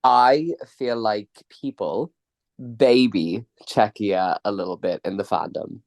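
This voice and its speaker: A man's voice: lowish voice, slow pace, darkish tone. Upbeat chatty male podcast host. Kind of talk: casual podcast chat.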